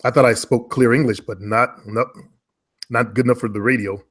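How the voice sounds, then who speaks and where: A man with an American accent, chatting casually and giving relaxed, talkative advice about voice work. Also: medium pitch, normal speed, slightly rough. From United States. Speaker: guest, former radio and commercial voice talent. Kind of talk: casual conversation.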